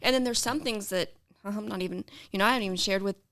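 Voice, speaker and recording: A woman and mother speaking in a casual podcast chat, soft-spoken and hesitant, reflecting on trust. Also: medium pitch, fast talker, background noise.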